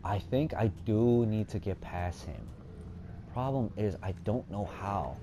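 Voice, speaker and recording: A man giving let's play commentary, swinging between nervous muttering and loud excited shouting, and swearing a lot. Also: lowish voice, unhurried, noisy background. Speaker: gaming streamer.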